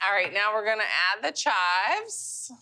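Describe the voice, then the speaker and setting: A woman's voice: medium pitch, big pitch swings, unhurried, bright, forceful tone. A woman with a West Virginian accent chatting playfully while presenting a dish on a cooking show. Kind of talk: casual cooking chat.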